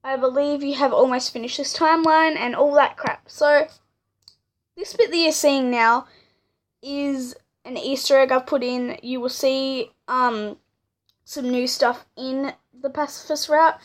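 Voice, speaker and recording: A woman's voice: high voice, steady tone, unhurried. A young woman casually retelling a fan story she made, chatty and full of fillers.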